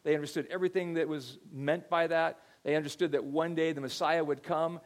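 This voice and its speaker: A man's voice: a little high, fairly even intonation, a little fast. A middle-aged man preaching a sermon as pastor, telling stories in a conversational way, often repeating his words.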